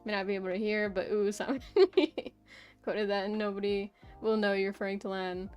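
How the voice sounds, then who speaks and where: Young woman, casual stream chat, rambling storyteller, mid-pitched voice, soft music behind. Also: fairly quick, smooth. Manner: rambling storyteller, lots of "like" and "right?".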